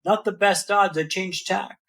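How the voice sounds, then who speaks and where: A man's voice: sits high, steady tone, measured pace, gravelly, a bit bright. A man, a podcast guest telling a dramatic personal story with a vivid, rhythmic build and repeated phrases.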